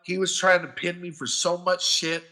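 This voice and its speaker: Male podcast guest, bright and fairly high voice, animated storyteller who swears freely. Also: normal speed. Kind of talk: casual profane storytelling.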